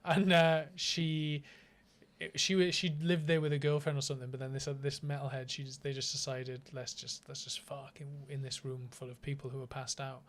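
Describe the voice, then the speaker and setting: A man's voice: medium pitch, brisk. A man, co-hosting a podcast and telling stories with lots of swearing and laughter. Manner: animated anecdote-telling, swearing, often laughing. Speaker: podcast co-host. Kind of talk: casual chat.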